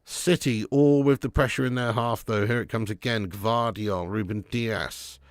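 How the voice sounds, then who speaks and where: With a fairly low pitch, steady tone, and measured pace, a man hosts a live football watch-along from a home garage that serves as a storage room. He chats casually, swears freely, and reads out viewer chat between stretches of match commentary. The studio-quality audio has no echo.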